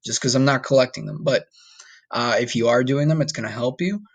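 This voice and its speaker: A man teaching a recorded online Spanish lesson, patient and encouraging, saying numbers slowly for students to repeat. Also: medium pitch. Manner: patient, repeats okay and all right often.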